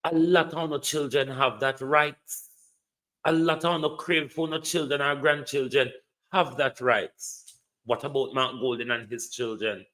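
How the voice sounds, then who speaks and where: A man's voice: medium pitch, fairly even intonation, a little slow, sharp tone, poor audio. Scornful Jamaican man ranting on a livestream. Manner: scornful, emphatic, repeats insults. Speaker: livestream political commentator. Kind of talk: angry political rant. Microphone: streaming setup.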